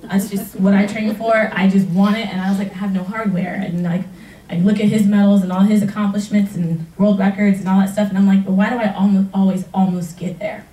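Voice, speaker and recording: A woman, a retired track athlete, tells her story in a personal testimonial, animated and laughing often as she acts out past conversations. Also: medium pitch, fairly quick. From United States. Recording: roomy sound from a distance.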